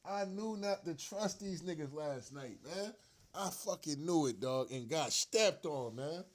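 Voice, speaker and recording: A man with a slightly high, animated voice keeps a measured pace as he rants about sports on his own show. As an upset, frustrated fan, he's profane and full of slang, repeats himself, and breaks into laughter of disbelief.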